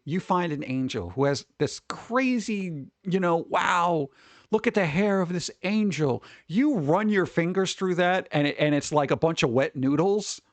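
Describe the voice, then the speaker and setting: A man's voice: on the high side, no echo. A man streaming live, reading holidays aloud and cracking jokes in a casual, playful way. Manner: joking, playful, riffing.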